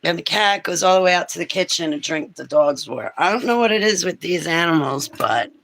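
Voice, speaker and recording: Man, casual vlogger, sing-song pitch, fairly high voice, coos to pets, noisy room. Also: animated, a little fast, gravelly, fairly bright tone. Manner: rambling, coos baby talk to pets. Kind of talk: casual home livestream chat. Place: cluttered room at home. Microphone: handheld phone camera.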